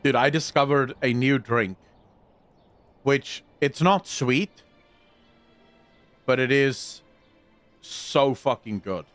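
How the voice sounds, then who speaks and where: A man chatting casually while playing a game, relaxed and swearing in offhand asides. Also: medium pitch, slow, long pauses, no echo, faint music behind. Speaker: gaming streamer. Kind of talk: casual gameplay chat.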